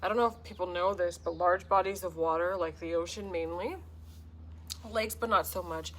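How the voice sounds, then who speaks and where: A woman's voice: fairly low pitch, moderate pace, fairly bright tone. A woman giving a casual spiritual tarot reading to camera, talking in an earnest, heartfelt, rambling way. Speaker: tarot reader and self-described healer.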